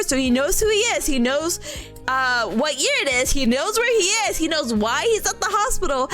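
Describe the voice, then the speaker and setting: A young woman streaming, telling a rambling story to her chat with lots of nervous giggling. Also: high voice. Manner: giggly, frequent nervous laughter; animated, rambling story with restarts. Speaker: live streamer and nursing student.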